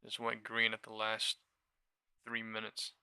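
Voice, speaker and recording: Gravelly, sharp-toned male trading streamer. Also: on the low side, measured pace, no echo. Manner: excitable, profane, muttering to himself between outbursts. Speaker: live stock trading streamer. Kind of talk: live trading commentary.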